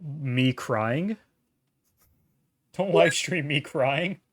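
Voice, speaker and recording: A man's voice: on the high side, drawn-out words, slight background noise. A man in his thirties chatting casually and jokily with his chat while livestreaming a game. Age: 30s. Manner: animated, jokey, talks to chat while playing. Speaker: streamer.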